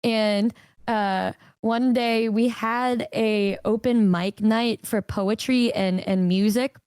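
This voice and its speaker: Young woman yapping thru a story on stream, kinda high voice, does little voices for ppl, dry close mic. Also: slow, clear, resonant tone, dry recording. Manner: animated, acts out quotes in a higher voice, swears casually.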